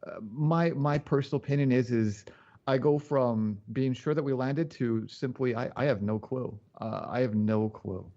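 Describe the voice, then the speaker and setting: A man's voice: medium pitch, moderate pace, warm tone, dull audio. A man who is a podcast guest, chatting casually and thinking aloud, repeating and stumbling over his words. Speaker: podcast guest, tech expert. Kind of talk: casual chat.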